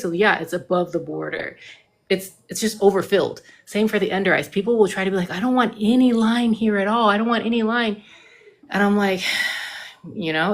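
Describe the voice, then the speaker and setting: A woman cosmetic nurse practitioner in casual live-stream chat, emphatic and informal, saying "like" a lot. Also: mid-range voice. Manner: chatty, emphatic, says "like" and "dude" often. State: getting out of breath.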